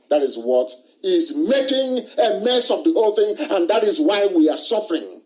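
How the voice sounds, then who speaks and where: A man's voice: high-pitched, sing-song, fairly quick, darkish tone, poor audio. A middle-aged man giving an impassioned live radio monologue, hammering his points with repeated rhetorical questions and declarations. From Nigeria. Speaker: broadcaster.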